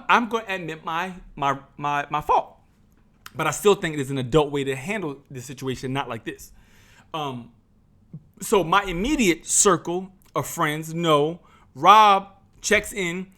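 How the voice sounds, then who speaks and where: This middle-aged vlogger from New Jersey, whose voice is a little high and fairly bright, preaches a personal story to his viewers, calling them brothers and sisters. He keeps repeating and restarting lines and acts out the voices of people he quotes.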